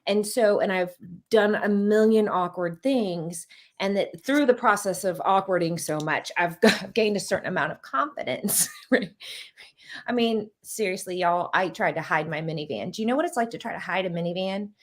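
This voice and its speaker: Animated self-deprecating woman. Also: mid-range voice, normal speed. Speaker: guest author and communication coach. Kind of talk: casual chat.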